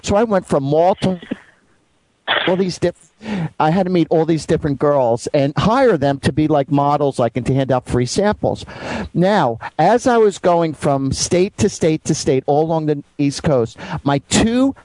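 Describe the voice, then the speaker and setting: A middle-aged man hosts a radio talk show, chatting casually in a fairly high voice. He tells his stories with lots of restarts and fillers. The sound is dry and close, with no room around him. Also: measured pace, no room sound, low-quality recording. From New Jersey. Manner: animated storyteller, many restarts and fillers.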